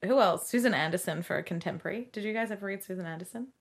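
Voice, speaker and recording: A woman co-hosting a podcast in casual chat, animated and swearing, acting out quotes in a high voice. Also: racing. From Middle Eastern background. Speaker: podcast co-host.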